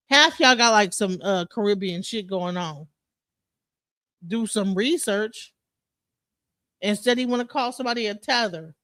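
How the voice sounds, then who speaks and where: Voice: medium pitch, moderate pace, pushed and bright, no room sound. A livestream host with a Detroit accent, ranting casually and bluntly, heated and profane, with frequent restarts.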